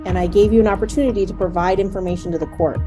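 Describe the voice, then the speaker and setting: A woman's voice: mid-range voice, fairly even intonation, racing, over music. A woman judge speaking firmly and sternly in a court hearing, scolding a party for interrupting.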